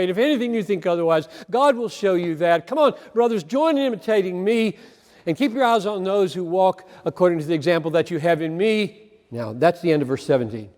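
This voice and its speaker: A man's voice: high voice, darkish tone. A man preaching a sermon in an earnest, emphatic way, repeating phrases as he drives each point home. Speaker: pastor. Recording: long hall reverb.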